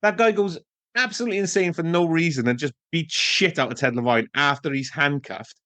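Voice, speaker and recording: A man's voice: on the high side, fairly quick, bright, forceful tone, no echo. A man co-hosting a podcast, chatting casually about a film and building his points with asides. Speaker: podcast co-host. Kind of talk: casual film review chat.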